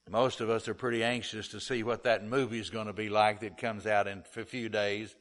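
A man's voice: fairly low pitch, flat delivery, moderate pace, hardly any pauses, a bit bright. A middle-aged male pastor preaching a sermon, earnestly reading and explaining scripture.

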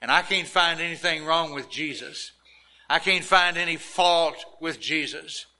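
A preacher delivers a sermon at a slow, deliberate pace and retells scripture with emphatic drama. His voice sits a little high and sounds bright and ringing. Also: poor audio. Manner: dramatic, emphatic storytelling with acted quotes.

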